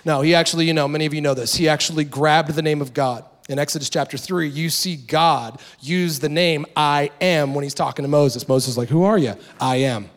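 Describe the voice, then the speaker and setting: A middle-aged man preaching a sermon in an animated, conversational way, with dramatic pauses. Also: fairly high pitch. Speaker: pastor.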